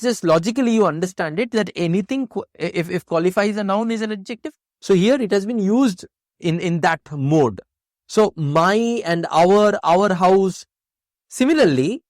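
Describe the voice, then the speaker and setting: A man's voice: sits high, no room sound, clean studio sound. A man teaching an exam-prep grammar lesson, explaining step by step and asking and answering his own questions.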